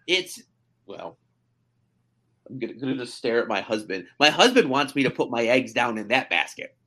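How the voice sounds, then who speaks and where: Animated, swooping real estate agent. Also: mid-range voice, normal speed. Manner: animated storyteller, many fillers and restarts. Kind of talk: casual podcast chat.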